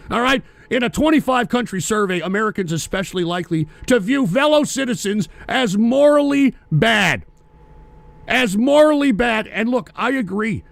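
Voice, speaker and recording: A man with a high, gravelly voice rants into a close mic on his own stream, swearing constantly and snapping at donors between points. His voice jumps into shouts and then drops low and muttering. The sound is dry, with no room around it. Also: no room sound. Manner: profane, ranting, frequently shouting. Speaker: livestream host. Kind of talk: angry political rant, reading donations.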